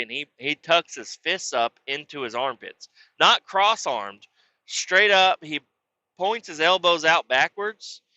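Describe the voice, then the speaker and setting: A man's voice: mid-range voice, pushed and bright, no room sound, lo-fi sound. A man hosting a podcast, telling a rambling, profane story in a casual monologue and jumping into quoted voices of the people in it. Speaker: podcast host.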